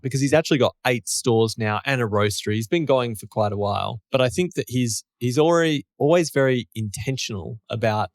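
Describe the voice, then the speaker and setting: A man's voice: mid-range voice, no room sound, studio quality. A man, co-hosting a casual chat and explaining his thoughts at length with small restarts. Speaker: podcast co-host.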